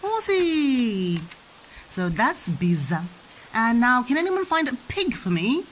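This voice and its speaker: Animated mother teaching toddler words. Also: a little high, takes it slowly, slight background noise. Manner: animated, sing-song, makes animal sounds. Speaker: parent teaching Shona words. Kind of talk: playful home teaching with toys.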